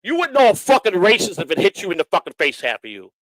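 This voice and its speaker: A middle-aged man hosts his own livestream. He rants at critics in a combative, profane way. His voice sits a little high for a man and is recorded close and dry, with no room sound. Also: wildly swooping pitch, quick pace, fairly bright tone, no room sound, low-quality recording. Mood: angry. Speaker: livestream host. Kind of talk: angry livestream rant.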